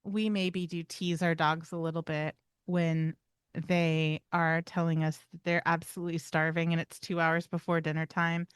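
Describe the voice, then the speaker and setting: A woman's voice: lowish voice, little pitch movement, moderate pace, smooth, no room sound, studio quality. A woman co-hosting a pet behavior podcast, explaining ideas in a bubbly way and laughing often. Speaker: podcast co-host, animal behavior trainer. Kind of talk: casual chat.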